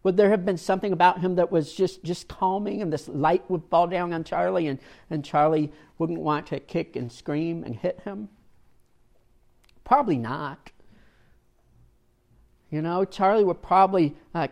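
A man's voice: fairly high pitch, darkish tone. Man telling a sermon story, conversational. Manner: conversational, frequent restarts and tag questions. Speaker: church children's program volunteer.

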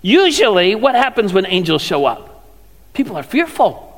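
A man's voice: high-pitched, sing-song, moderate pace, big-room sound. A man preaching a sermon in a conversational way, full of rhetorical questions. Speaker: pastor.

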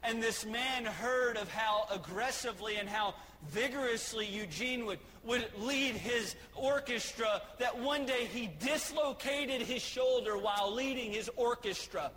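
A man preaching a sermon in a high, bright, ringing voice. He drives his points with repeated rhetorical questions and swells into shouts. A faint hum of room ambience sits behind him. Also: a little slow, few pauses, in a large hall, rough recording. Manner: preaching with rising shouted emphasis. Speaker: pastor.

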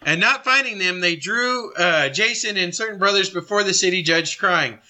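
A middle-aged man leading a Bible study, blunt and confrontational, with quick asides to his group. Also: sits high, pushed and bright. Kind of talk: forceful Bible study teaching.

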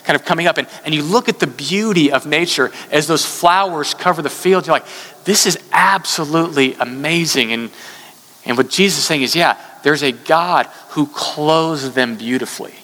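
A man, a pastor, preaching an earnest sermon that rises in pitch for emphasis. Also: normal speed, pushed and bright, long reverb tail.

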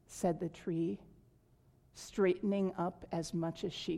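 A woman reading a children's story aloud in a slow, gentle, deliberate way. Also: on the low side, steady tone, vocal fry.

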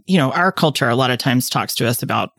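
A man with a gravelly, creaky voice talks in a measured, explanatory way and brings the others in with questions. His voice is recorded close and dry, with a middle pitch. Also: lively intonation, sharp tone, dry recording. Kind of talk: casual chat.

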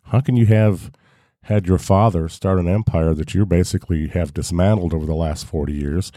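A man's voice: low-pitched, normal speed, dark tone, no room sound, studio quality. A man co-hosting a podcast, talking in a critical, wry way. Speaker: podcast co-host. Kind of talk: opinionated podcast chat.

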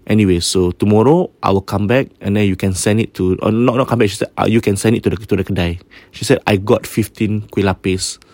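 Man, Singaporean accent, low voice, dry sound, casual ghost story. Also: brisk, hardly any pauses, no echo. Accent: Singaporean English. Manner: mixes Malay into English, many restarts; drops to a hush for eerie parts.

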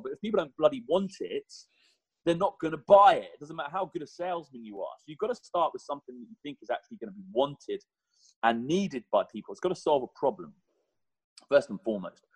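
A man's voice: medium pitch, slightly rough, dry recording, rough recording. A man, a personal trainer in his thirties, chatting animatedly as a podcast guest. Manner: animated, chatty, swears mildly. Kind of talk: podcast conversation.

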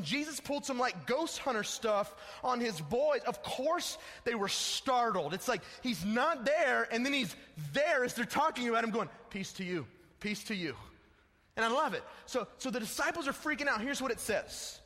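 A man's voice: very high-pitched, expressive, normal speed, bright, forceful tone. A young man preaching a sermon in a casual, slangy way, calling listeners dude and bro. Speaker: pastor. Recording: echoey hall with long reverb.

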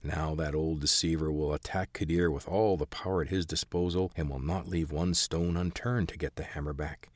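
A man's voice: extremely low pitch, normal speed, few pauses, dry recording. A man doing a bitter, snappish old hermit. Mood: urgent, scornful. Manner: calm but snappish, hacking cough. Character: bitter, secretive old man hiding in caverns. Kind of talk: audiobook character voice.

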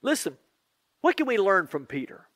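A man preaching a sermon in an earnest, conversational way, with drawn-out pauses. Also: high-pitched, sing-song, fairly bright tone, dry recording, studio quality.

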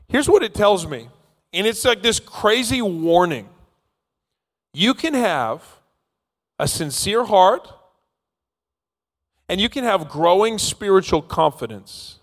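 High-voiced preacher in a reverberant hall. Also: male voice, sing-song, takes it slowly, pauses often. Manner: playful storytelling, acting out scenes. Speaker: pastor. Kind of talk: sermon. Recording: long reverb of a large hall.

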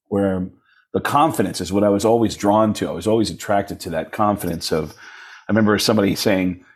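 A comedian and impressionist telling stories in an animated way, slipping into voices for the people he quotes. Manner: acts out voices in quoted dialogue, jumping high and low.

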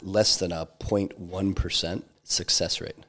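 A man being interviewed, telling a personal story in a halting way, full of restarts and fillers. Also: low voice, fairly even intonation, a bit bright. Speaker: interview guest, entrepreneur.

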